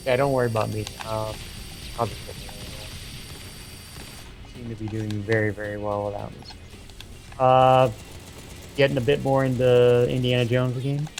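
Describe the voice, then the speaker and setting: A laid-back man talks through a co-op gaming session in a relaxed, self-deprecating way, often pausing on ums. His voice sits at a middle pitch, with faint noise in the background. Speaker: co-host gamer. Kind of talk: casual co-op gaming chat.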